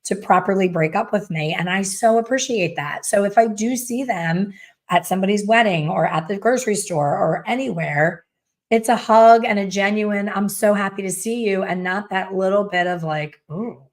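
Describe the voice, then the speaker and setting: A woman's voice: mid-range voice, moderate pace. A middle-aged woman who owns a salon, giving candid, chatty advice to fellow hairstylists and acting out what people say. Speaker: salon owner and hair color educator. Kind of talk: casual coaching talk.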